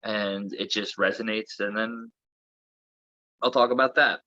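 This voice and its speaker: A man's voice: fairly low pitch, steady tone, a little slow, bright, forceful tone, no echo, dull audio. A man from Florida, a comedian guest chatting casually in a podcast interview, rambling with lots of filler words. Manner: rambling, filler-heavy talk.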